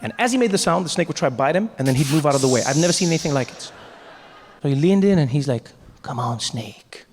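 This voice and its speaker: Animated comedian telling a stand-up story. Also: male voice, on the high side, rapid-fire, background noise. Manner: animated, big voice swings for characters.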